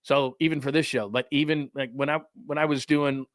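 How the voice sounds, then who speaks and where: A man's voice: mid-range voice, steady tone, fairly quick, no echo, clean studio sound. Rambling, jokey middle-aged male host. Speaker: sports talk host. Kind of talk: casual solo talk show.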